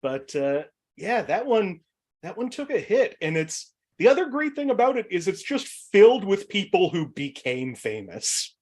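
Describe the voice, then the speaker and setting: Male game show host, Boston accent, lively up-and-down delivery, rambling with fillers. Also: high voice, moderate pace. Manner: rambling, laughs often, many fillers. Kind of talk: casual comedic game show banter.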